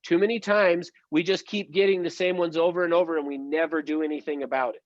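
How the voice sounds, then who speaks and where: A man's voice: on the high side, steady tone, quick pace, no room sound, muffled recording. A man giving an online sales training session, speaking in an upbeat, emphatic coaching tone. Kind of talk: motivational online training talk.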